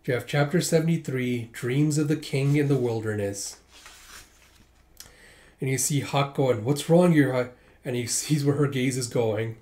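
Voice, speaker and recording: A man's voice: medium pitch, a little slow, a little mellow. Brief: man, casual read-aloud narrator, conversational, fillers. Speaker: manga reader and narrator.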